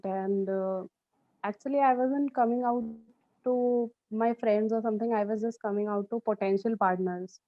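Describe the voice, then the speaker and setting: A young woman speaks at an online panel, telling her own story candidly and with a joking, rambling ease. Her voice sits at an ordinary middle pitch. The sound is a little muffled and dry, as from a home microphone. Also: dry recording. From India. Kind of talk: personal testimony at an online panel.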